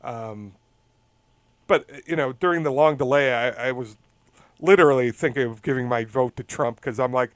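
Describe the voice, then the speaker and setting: Guy on a podcast rambling through a story, laughs a lot, smooth clear voice, dry sound. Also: medium pitch, normal speed, no echo. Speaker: podcast co-host. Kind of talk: casual chat.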